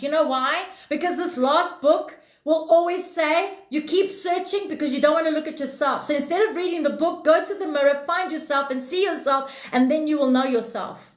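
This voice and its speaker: A woman's voice: sits high, reverberant. A woman hosting a self-help livestream, reading out viewers' comments and preaching bluntly, with plenty of swearing.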